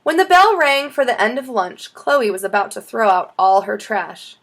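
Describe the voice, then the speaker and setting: A woman with a fairly high voice reads a children's chapter book aloud at a moderate pace, telling the story expressively.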